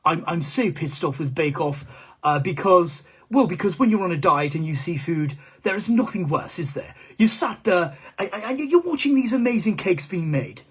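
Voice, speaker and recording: A man's voice: high-pitched, animated, moderate pace, fairly bright tone, breathy edge, exaggerated voice. A male comedian doing a comic impression of a rambling, foul-mouthed male politician in a live-stream monologue, stammering and swearing as he goes.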